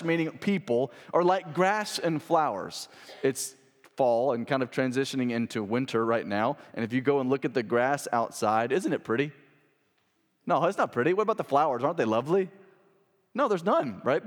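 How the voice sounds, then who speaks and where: A man's voice: medium pitch, long reverb tail. A young adult man, a pastor, preaching a sermon in a conversational, emphatic way, full of rhetorical questions.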